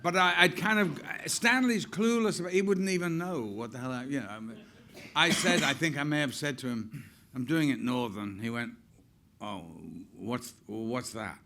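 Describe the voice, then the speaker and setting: A man's voice: a little high, brisk, bright, forceful tone. An older man, an actor, telling chatty anecdotes on stage with frequent laughs. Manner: chatty, laughs often, acts out quotes.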